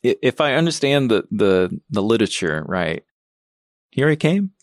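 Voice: mid-range voice, sing-song, moderate pace, dry recording, clean studio sound. A podcast co-host chatting casually, joking bluntly and swearing freely. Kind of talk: casual comedic chat.

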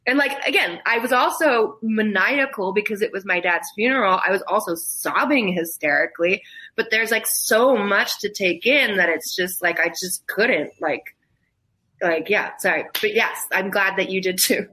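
A woman talking as a guest on a casual podcast. Her voice is bright and forward. She rambles, restarts her thoughts over and over, and laughs even while describing something painful. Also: mid-range voice, moderate pace, husky, rough recording. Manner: rambling, self-interrupting, laughs through grief. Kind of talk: casual chat.

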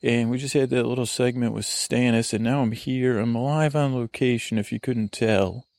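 A man hosting a comedy podcast outdoors by a lake, joking and rambling in an excitable put-on voice. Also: medium pitch, moderate pace, dry recording. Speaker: podcast host.

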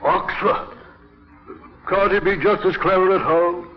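An actor with an upper-class English accent playing a bumbling, hearty country squire in a 1950s radio drama, on a dull old broadcast recording. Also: male voice, high voice, steady tone, a little slow. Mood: blustering. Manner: hearty, blustering, tossing off tags like "you know" and "what".

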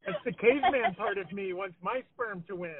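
A man's voice: high-pitched, fairly quick, a loud crowd. A man on a phone call, rambling in a casual, self-deprecating way. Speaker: caller. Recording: tinny phone line.

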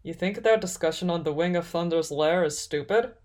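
A woman voicing a suspicious male half-orc who speaks curtly and gruffly. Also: lowish voice, fairly quick, a little mellow, natural voice. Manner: curt, gruff, growling. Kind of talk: storybook character voice.

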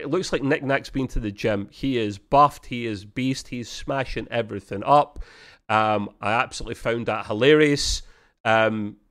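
A man of middling pitch co-hosting a relaxed review podcast. He rambles along with plenty of ums and restarts, and he jumps into high squeaky voices whenever he acts out a quote. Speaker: podcast co-host. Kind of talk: casual review chat.

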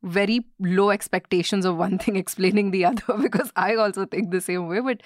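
A woman's voice: medium pitch, fairly even intonation, a little fast, no room sound, studio quality. A young woman, co-hosting a film review podcast and giving frank, blunt opinions in casual chat.

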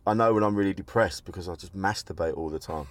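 Middle-aged host with a very deep voice, blunt and sweary, frank storyteller. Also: male voice, quick pace. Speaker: podcast host. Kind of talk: candid conversation. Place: car park.

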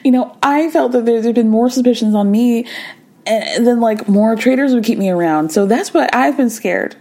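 A woman's voice: fairly high pitch, normal speed, darkish tone. A woman mimicking a defensive female reality-show contestant in a raised, indignant, pleading voice.

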